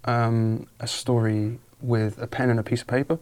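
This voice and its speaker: A man's voice: medium pitch, level tone, moderate pace, darkish tone. A man interviewing a guest in a casual podcast chat, rambling and correcting himself as he goes. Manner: rambling, self-correcting, lots of fillers.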